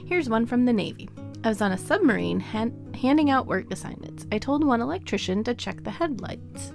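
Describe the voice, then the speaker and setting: Woman, podcast co-host, gravelly voice, lively pitch, reads stories, laughs a lot. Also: moderate pace, soft background music. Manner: laughs often while reading aloud. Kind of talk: casual chat reading listener stories.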